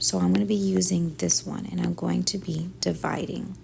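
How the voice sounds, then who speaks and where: Gravelly woman teacher talking through math. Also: fairly low pitch, fairly even intonation, fairly quick, few pauses, a little hiss or hum. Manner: thinks aloud step by step, often softly under her breath. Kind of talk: math lesson walkthrough.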